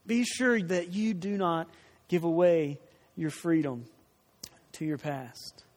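A man with a notably high voice delivers a sermon to his congregation. He is earnest, circling back to key phrases and putting questions to the room. His voice rings out with a long reverberation in the church hall. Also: takes it slowly, a little mellow. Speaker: pastor.

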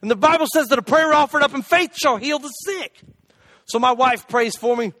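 Man preaching, very high voice, dry close sound, comic storytelling, shouted asides. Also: brisk, dry recording. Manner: animated, jokey, bursts into loud shouted asides. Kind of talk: humorous sermon storytelling.

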